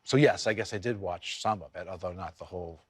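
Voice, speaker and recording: Halting, reflective man, dry close sound. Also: low voice, breathy edge, no room sound. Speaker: interview guest. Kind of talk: candid television interview.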